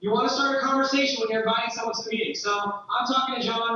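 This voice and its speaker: A man's voice: very high voice, steady tone, fast talker, few pauses, pushed and bright. A young man giving a casual, slangy seminar talk at a training event, repeating key points for emphasis. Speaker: training speaker. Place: large hall at a training event. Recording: very echoey hall, distant, dull sound.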